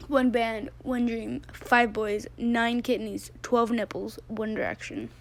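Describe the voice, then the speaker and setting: A woman's voice: a little high, steady tone, slow, long pauses. A young woman reading fan tweets aloud in a casual way, often breaking into laughter. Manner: giggly, keeps breaking into laughter.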